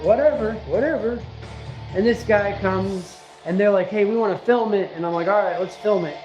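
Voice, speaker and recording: A man casually telling a personal story, animated and repetitive, acting out what people said and the punches. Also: high voice, roomy sound.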